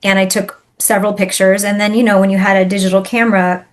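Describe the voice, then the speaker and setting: A woman, a spiritual healer, telling a personal story in a podcast interview in an animated, emphatic way. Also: medium pitch, fast.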